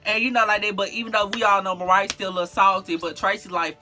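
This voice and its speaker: A vlogger telling a story casually in an animated, slangy, profane way, full of fillers and asides to the viewer. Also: mid-range voice, quick pace, over music.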